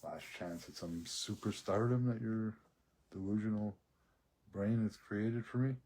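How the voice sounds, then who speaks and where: A man's voice: lowish voice, measured pace, dark tone, slight background noise. A man rambling through a profane personal rant into his phone, breaking into laughs often. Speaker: social media ranter.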